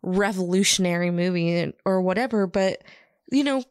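A woman's voice: fairly low pitch, normal speed, smooth, no room sound, studio quality. A woman co-hosting a podcast, bluntly teasing her co-host and retelling film scenes in casual chat.

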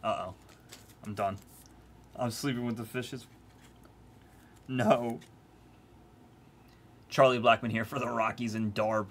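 A man's voice: mid-range voice, fairly even intonation, slow pace, long pauses, fairly bright tone, a little hiss or hum. A man hosting a live trading-card break, chatting casually and teasing his viewers in a playful way. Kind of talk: casual live-stream commentary.

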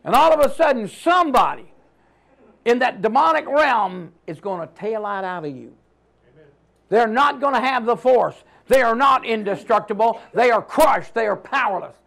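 A man preaching a sermon as pastor, emphatic, swinging between loud declarations and hushed lines and calling on the congregation to repeat after him. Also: sits high, lively intonation, normal speed, creaky.

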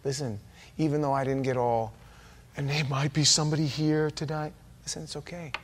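A man's voice: mid-range voice, fairly even intonation, moderate pace, slight background noise. A man preaching an informal Bible-study sermon in a church, chatty and joking with his congregation. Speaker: pastor. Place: church sanctuary.

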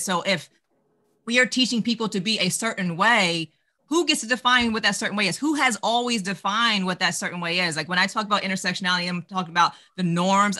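A woman panelist with a strikingly forceful, sharp-edged voice. She talks emphatically and conversationally, leaning on "like" as she builds her points. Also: mid-range voice. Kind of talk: candid panel discussion.

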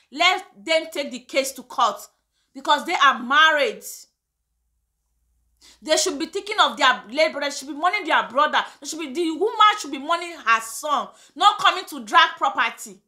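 A woman's voice: sits high, lively intonation, moderate pace, pushed and bright. A woman with a Nigerian accent hosting her own vlog, giving her opinion in an impassioned, indignant way and slipping between English and Pidgin. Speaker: vlogger host. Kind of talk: casual opinion vlog rant.

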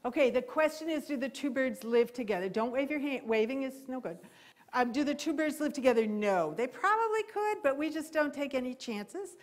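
Woman doing a fun bird talk for kids and families, slightly high voice, handheld mic. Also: fairly quick. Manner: lively, imitates owl hoots. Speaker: wildlife educator. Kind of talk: live talk for a library audience. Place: library program room.

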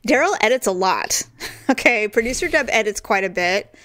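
A woman's voice: a little high, expressive, moderate pace, sharp tone. A woman co-hosting a podcast in casual chat, candid and self-deprecating, often giggling. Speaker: podcast co-host.

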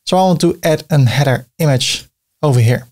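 A man explaining a website builder step by step in a screen-recorded tutorial, thinking aloud as he clicks, with a few filler pauses. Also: on the high side, a little mellow. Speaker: web design tutor.

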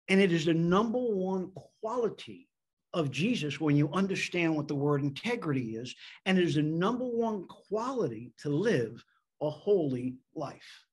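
A man from the United States preaching a sermon as a men's pastor, animated, slowing down to stress key words. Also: on the high side, husky.

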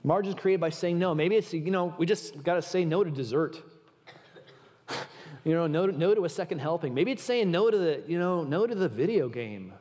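A man delivers a conversational sermon, earnest and informal, often turning straight to his listeners. His voice sits a little high for a man. The sound carries the long, ringing reverb of a large church hall. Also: animated, moderate pace, darkish tone. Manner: earnest, informal, addresses the audience directly. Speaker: guest preacher.

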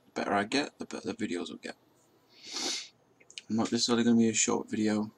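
Gravelly low-voiced bloke. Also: male voice, quick pace, slight background noise. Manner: chatty, self-mocking, swears casually. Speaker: drone pilot vlogger. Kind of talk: casual commentary while flying a simulator. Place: indoors at a table.

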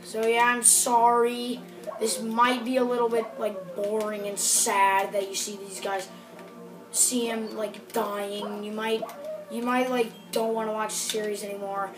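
A woman hosting a gameplay video, chatting casually in a rambling, excitable way and apologising often. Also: mid-range voice, a little slow, distant mic. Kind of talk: casual game commentary. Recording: roomy sound from off the mic with music behind.

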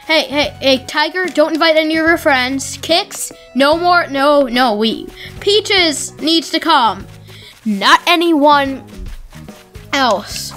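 A woman hosting a let's play, giving excitable casual commentary and talking to the game's characters. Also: high voice, takes it slowly. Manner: excitable, talks to game characters. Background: faint game music.

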